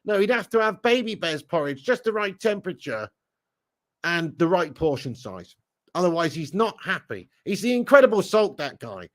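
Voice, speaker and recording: A man's voice: sits high, sing-song, normal speed. A man hosting a live football chat, reading out viewer comments and teasing them with blunt jokes and frequent laughter. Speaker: fan channel host reading live chat.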